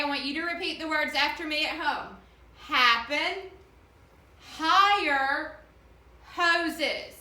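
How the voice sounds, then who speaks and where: A woman teacher giving an online reading lesson to children, slowly and clearly sounding out the vowels in each word. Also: high-pitched, bright, forceful tone, reverberant.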